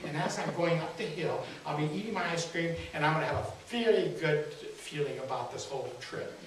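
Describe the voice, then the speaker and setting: A man's voice: a little high, brisk, voice pushed down, lightly acted. A man doing a gloomy, griping pessimist. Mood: hopeful. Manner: griping, world-weary. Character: gloomy, complaining man who sees life darkly. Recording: echoey hall, distant mic, faint hiss.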